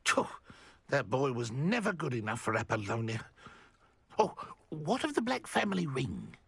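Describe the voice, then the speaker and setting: A man's voice: mid-range voice, wildly swooping pitch, normal speed, creaky, fairly bright tone, husky, no room sound, exaggerated voice. An actor voicing a meek male house-elf servant who talks about himself in the third person, in a video game. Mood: wistful.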